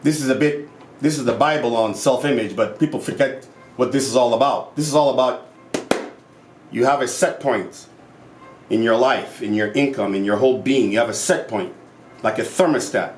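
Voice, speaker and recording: A man vlogging about self-improvement in a casual monologue, passionate and animated, acting out quotes as he tells stories. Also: medium pitch, normal speed, reverberant, a little hiss or hum.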